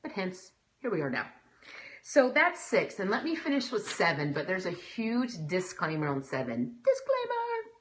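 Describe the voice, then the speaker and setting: A woman's voice: lowish voice, normal speed. A woman, speaking emotionally and animatedly to an audience. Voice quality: emotional, animated, breaks into quoted voices. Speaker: speaker giving a talk. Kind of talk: personal talk to an audience.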